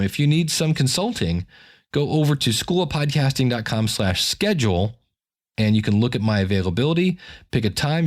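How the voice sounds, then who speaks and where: A man hosting a podcast, giving a friendly, chatty sign-off with plugs and reminders. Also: fairly high pitch. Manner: friendly, chatty promo with fillers. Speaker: podcast host.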